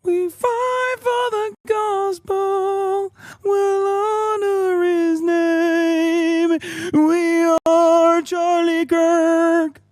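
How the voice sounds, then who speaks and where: A man giving a scripted news-style narration in a measured, even reading voice. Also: very high-pitched, no echo, studio quality, faint music behind.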